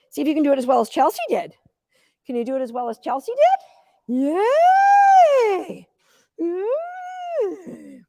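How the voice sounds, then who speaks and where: A woman in her fifties, a dog agility coach giving a live teaching demo, chatty and energetic, cheering the dog on. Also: high voice, no echo, clean studio sound.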